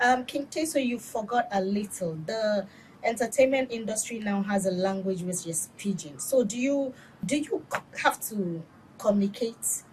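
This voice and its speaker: A woman interviews her guest for television. Her voice sits at a mid pitch, and she talks in a loose, chatty way with small hesitations. Faint ambience sits behind her. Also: a little mellow, a little hiss or hum, poor audio.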